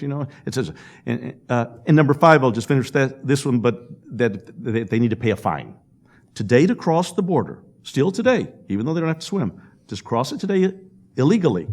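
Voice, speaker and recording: A man speaks at a public panel, his pitch rising and falling in a lively, animated way. He tells stories and slips into the voices of the people in them. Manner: storytelling with acted-out quotes and laughs.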